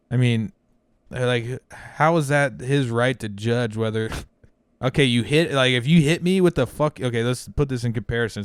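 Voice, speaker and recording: A man's voice: mid-range voice, clean tone, dry recording. Profane rambling man, dry sound. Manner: profane, rambling storyteller acting out quotes. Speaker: podcast co-host. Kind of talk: casual comedic chat.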